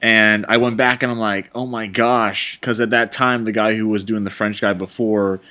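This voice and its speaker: A man's voice: fairly low pitch, little pitch movement, moderate pace, pushed and bright, smooth. A man directing and hosting a casual commentary chat, rambling and enthusiastic as he talks.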